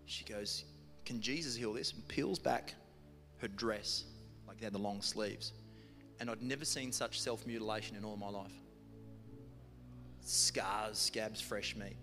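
A man's voice: on the low side, unhurried, pushed and bright. A man preaching a sermon, telling a story in a humorous, conversational way. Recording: long hall reverb with music behind.

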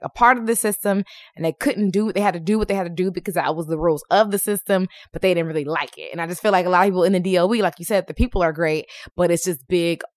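A woman co-hosting a podcast in relaxed casual chat, who laughs easily and trails off mid-thought. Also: fairly low pitch, no room sound, studio quality. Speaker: podcast co-host.

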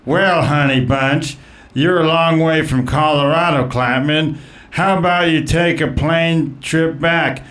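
A man's voice: fairly high pitch, slow, a bit bright, voice pushed up. A man putting on a sassy, campy older male comedy writer who trades insults at a roast and calls people honey.

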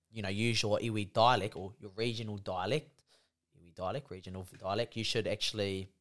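A man's voice: on the low side, clean tone. A man with a New Zealand accent, co-hosting a casual, laid-back chat and often saying "bro" and "you know".

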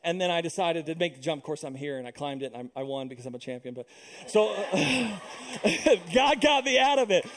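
A man in his thirties preaches with an animated, storytelling delivery, often slipping into the voices of the people in his anecdotes. His voice sits high for a man. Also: moderate pace, crowd noise. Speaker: pastor. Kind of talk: sermon.

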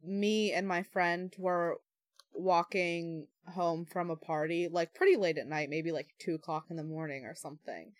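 A woman's voice: on the low side, steady tone, moderate pace, no echo, clean studio sound. A young adult woman in casual chat, telling anecdotes frankly with many "like" fillers.

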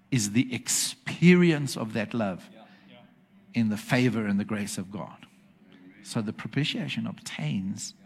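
A man's voice: on the low side, vocal fry, breathy edge. A man preaching a sermon in church, emphatic and often checking that the congregation is following. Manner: emphatic, asks the congregation for agreement.

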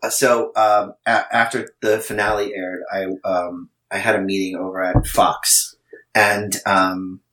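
A man's voice: deep voice, level tone, a little slow, sharp tone. A man talking casually as a podcast guest, telling stories with many ums, restarts and laughs. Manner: rambling storyteller with many fillers and restarts. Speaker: guest, TV writer-producer. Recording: roomy echo with faint noise.

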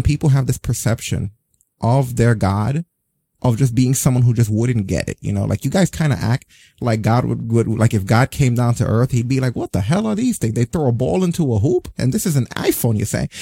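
A man's voice: lowish voice, warm tone, husky, no room sound. A man talking in casual, opinionated podcast chat, blunt and sarcastic, swearing freely. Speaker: podcast co-host.

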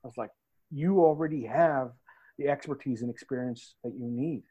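A man's voice: mid-range voice, moderate pace, dark tone, slightly rough, poor audio. A man, a coach, talking casually and telling stories in which he quotes the people he advises. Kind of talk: casual podcast talk.

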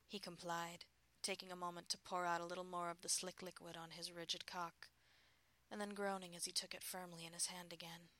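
A woman reading a first-person adult story in a soft, breathy, intimate voice. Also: lowish voice, level tone, brisk. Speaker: narrator.

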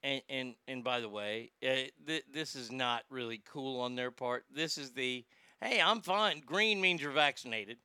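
A man's voice: medium pitch, normal speed, hardly any pauses, sharp tone, clean tone, no echo. A male comedy host rambling through the news in a profane, sarcastic rant, often stammering and restarting.

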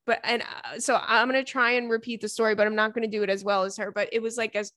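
Bright, chatty young woman host. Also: a little high, fast talker, dry recording, studio quality. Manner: animated, giggly storytelling with frequent fillers. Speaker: podcast host. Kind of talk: casual chat, reading a listener letter.

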